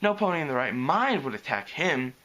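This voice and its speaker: A man's voice: fairly high pitch, very animated, fairly quick, sharp tone. A man voicing a gloomy, anxious young dragon who talks moodily and sarcastically. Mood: sulky. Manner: moody and sarcastic.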